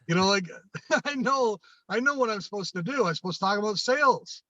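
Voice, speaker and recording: A Canadian man, a sales coach appearing as a podcast guest, tells anecdotes in conversation and acts out the dialogue, frequently restarting and repeating phrases. His voice is high-pitched and sharp, with lively intonation and a slightly fast pace. The recording is dry and dull, lo-fi, with no room sound.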